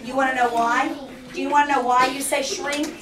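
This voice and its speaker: A woman teaching a third grade spelling lesson, asking the class question after question and slowing down to explain each rule. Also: high-pitched, fairly even intonation. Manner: patient, questioning, slows down to explain. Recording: roomy, distant, noisy classroom recording.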